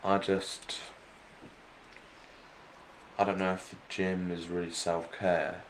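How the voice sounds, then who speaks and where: A man's voice: low voice, flat delivery, slow pace, rough recording. A young man, the host's son, answering briefly and hesitantly in a casual chat. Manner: laconic, hesitant. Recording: faint background noise.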